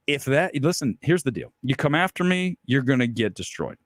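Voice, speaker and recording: A man's voice: medium pitch, big pitch swings, brisk, few pauses, no echo. A man hosting a film talk stream, ranting in a combative, opinionated way about movies and his critics. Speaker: film talk show host. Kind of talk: ranting live-stream commentary.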